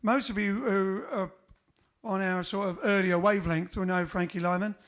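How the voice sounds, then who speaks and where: A man's voice: high voice, steady tone, normal speed, fairly bright tone. A man hosting a band livestream, chatting casually between songs with rambling, joking asides.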